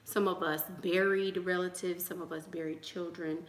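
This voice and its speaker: A woman's voice: lowish voice, flat delivery, moderate pace, roomy sound. A young woman giving an emphatic, sermon-style motivational talk to her channel's viewers, repeating rallying lines. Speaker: YouTube channel host.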